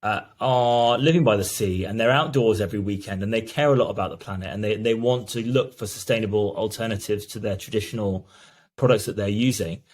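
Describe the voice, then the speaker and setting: A man's voice: fairly low pitch, brisk, darkish tone. A man, a brand founder, explaining his business earnestly as an interview guest. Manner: earnest, explanatory, many restarts.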